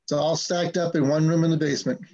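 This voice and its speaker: A man's voice: fairly high pitch, steady tone, fast talker, warm tone, dull audio. A man hosting a casual live stream chat, telling stories with an easy, laughing manner over a video call. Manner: chatty, laughing between stories. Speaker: host.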